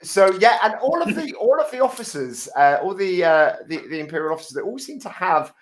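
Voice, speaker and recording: A man's voice: high voice, big pitch swings, brisk. A man casually chatting as a podcast co-host, explaining at length with a thoughtful, hesitant manner. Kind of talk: casual chat.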